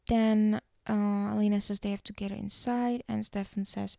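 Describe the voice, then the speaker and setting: Woman doing a podcast recap, acts out the lines, creaky kinda gravelly voice, dry close sound. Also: mid-range voice, flat delivery, warm tone, no room sound. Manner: retells scenes and acts out the characters' lines in quick shifting voices. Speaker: podcast host recapping a TV episode. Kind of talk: casual episode recap.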